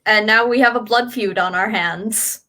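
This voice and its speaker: A woman's voice: mid-range voice, normal speed, sharp tone. A woman speaking in character during a tabletop role-playing game, earnest and matter-of-fact.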